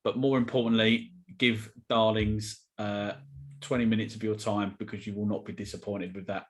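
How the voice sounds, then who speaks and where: A man's voice: lowish voice, level tone, moderate pace. A man hosting a podcast, chatting casually with lots of ums and easy laughter. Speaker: podcast host. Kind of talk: casual interview chat.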